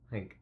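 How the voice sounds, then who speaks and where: A man thinking aloud in a rambling philosophical monologue, halting and full of filler words, often clearing his throat. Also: a little hiss or hum.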